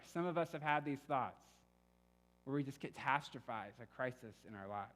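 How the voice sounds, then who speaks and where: A young man preaching a sermon in a relaxed, conversational way, telling stories and acting out quoted voices. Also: medium pitch, normal speed. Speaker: pastor. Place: church hall. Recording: long reverb of a church hall.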